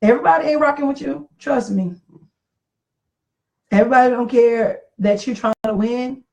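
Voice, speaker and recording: A woman's voice: on the high side, moderate pace, creaky, warm tone, low-quality recording. A middle-aged woman in casual talk about marriage, earnest and reflective, repeating phrases for emphasis. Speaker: podcast co-host.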